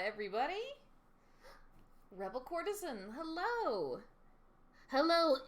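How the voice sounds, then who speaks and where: A woman streaming a game live, chatting with viewers and reading the story text aloud in a chatty, giggly way. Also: sits high.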